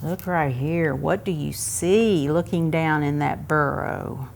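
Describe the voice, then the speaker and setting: A woman reading a picture book aloud to young children at a museum story time, pausing to ask them questions. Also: deep voice, vocal fry, a little hiss or hum. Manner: asks young listeners questions, expressive.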